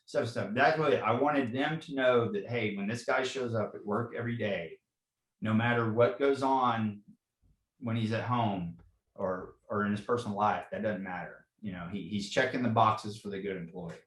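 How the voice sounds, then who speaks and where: A man in his forties, a fire captain, speaks at a fairly low pitch and normal speed in an echoey room, and the audio is poor. He earnestly tells personal stories in a podcast interview. He keeps saying "you know" and repeats himself.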